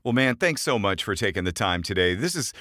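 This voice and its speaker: A man co-hosting a podcast interview, reacting with lively exclamations. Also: lowish voice, a little fast, no echo, clean studio sound. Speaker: podcast co-host.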